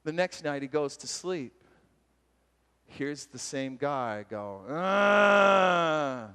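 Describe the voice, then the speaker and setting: A man giving a retreat sermon, telling a story and acting out its voices with lively energy. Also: medium pitch, slow, clean tone. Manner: animated, acts out voices in stories. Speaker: retreat speaker. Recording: long hall reverb.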